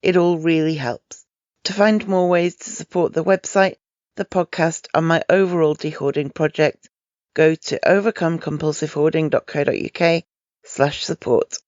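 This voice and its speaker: A woman hosting a solo advice podcast, talking in a gentle, encouraging, unhurried way. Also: low-pitched, fairly even intonation, no echo, lo-fi sound. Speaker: podcast host.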